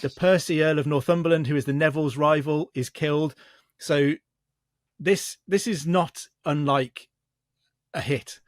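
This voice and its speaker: A man, a historian guest, calmly telling history in a podcast chat with frequent restarts. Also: a little high, dry recording, clean studio sound. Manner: measured storytelling with frequent restarts. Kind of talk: casual podcast explanation of history.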